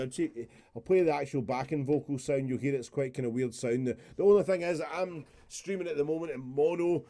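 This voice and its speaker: A man's voice: mid-range voice, darkish tone. A man, casually walking through a music production session on a live stream, chatty and rambling with the odd swear word.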